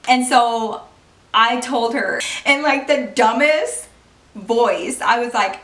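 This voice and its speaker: A young woman vlogger telling a personal story in a casual, animated way, swearing and laughing often. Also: a little high, unhurried. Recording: roomy, distant from the mic.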